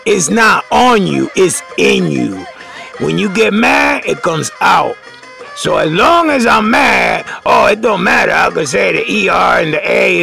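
A man delivering a profane, shouting rant at his viewers as host of his own channel. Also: fairly high pitch, gravelly. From Puerto Rico.

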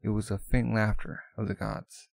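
A man's voice: fairly low pitch, little pitch movement, normal speed, gravelly, a little mellow, dry recording. A man narrating a manga aloud in a plain, offhand way, with casual asides. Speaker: manga reader.

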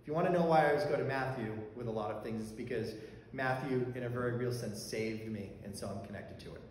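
A man's voice: medium pitch, fast. Man preaching in a very echoey church. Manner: personal storytelling, conversational with fillers and restarts. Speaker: pastor. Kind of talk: sermon. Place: church sanctuary. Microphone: handheld or stand mic that fell during talk. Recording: very echoey church hall, faint background noise.

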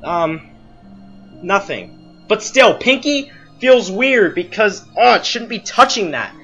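A man's voice: sits high, sing-song, takes it slowly, pushed and bright, dull audio, faint music behind. A young man giving casual gameplay commentary, ranting at the game in frustration and mocking himself. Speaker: let's play gamer.

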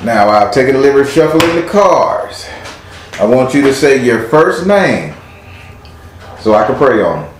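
A man leads a live tarot reading in a blunt, joking manner, peppered with salty slang. His voice sits at a middle pitch and rings out in a very echoey room, with faint noise underneath. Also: big pitch swings, moderate pace. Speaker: tarot reader.

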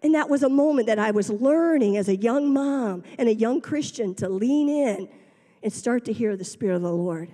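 A middle-aged woman preaching a sermon as the pastor's wife, telling animated stories and acting out the quoted voices. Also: on the high side, moderate pace. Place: church sanctuary. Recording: reverberant church hall.

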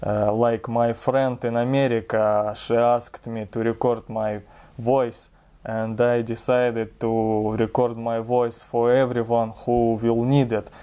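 Russian man reading a fairy tale, unhurried, mellow tone, casual and plain. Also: medium pitch, clean tone. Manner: relaxed, unexaggerated delivery. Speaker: reader.

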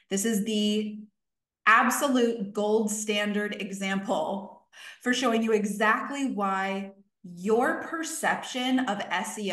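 A woman coach teaching a live online workshop, emphatic and energetic, repeating key points for stress. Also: mid-range voice, roomy sound.

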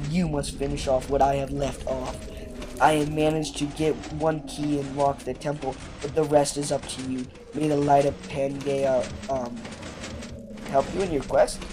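A man reading out the words of an old male survivor who lost his wife, halting and stumbling over the text. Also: on the high side, little pitch movement, noisy background, natural voice. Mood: solemn. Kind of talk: reading game text aloud.

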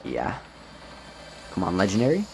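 A man giving casual gameplay commentary as a gaming YouTuber, swinging between low muttering and loud, frustrated outbursts. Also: huge pitch swings, moderate pace, creaky, very noisy.

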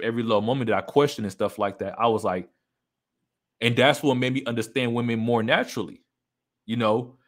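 A man's voice: medium pitch, a bit bright. A man speaking candidly to his listeners about a painful breakup, emphatic and repeating his key points. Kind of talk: personal storytelling to an audience.

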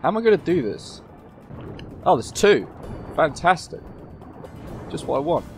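A man's voice: fairly high pitch, very animated, moderate pace, faint music behind. A man giving casual, joking gameplay commentary, swearing freely as he plays. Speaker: gameplay YouTuber.

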